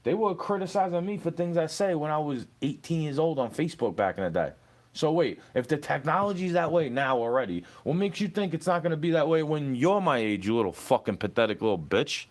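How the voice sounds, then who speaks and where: A young man in an angry, profane rant aimed at an online troll. His pitch swings widely as he lectures and taunts, and he keeps falling back on "bro.". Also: sing-song, a little fast. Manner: profane, confrontational, repeats "bro".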